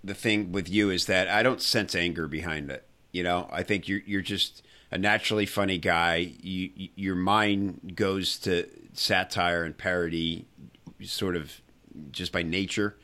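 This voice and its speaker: A male podcast host with a fairly low voice. He talks casually, padding his sentences with "you know" and "like" as he chats with his guest. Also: steady tone, unhurried, bright, forceful tone. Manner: chatty, full of fillers like "you know" and "like".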